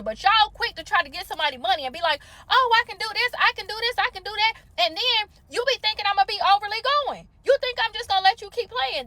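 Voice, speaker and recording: High, fast-talking woman ranting. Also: no room sound. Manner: animated, slangy, exasperated storytelling. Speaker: salon customer telling a story. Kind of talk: storytime vlog rant.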